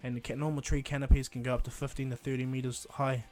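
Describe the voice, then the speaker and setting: A man narrating a fan-fiction story in a loose, rambling way, full of fillers and "and he goes". His pitch sits in the middle range, and faint music plays behind him. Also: level tone, fast, a little mellow. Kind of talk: casual fan-fiction retelling.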